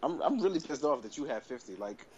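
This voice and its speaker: A man co-hosting a podcast, teasing his partner in casual banter and laughing loudly. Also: mid-range voice, sing-song, quick pace, highs cut off, crowd noise. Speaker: podcast co-host.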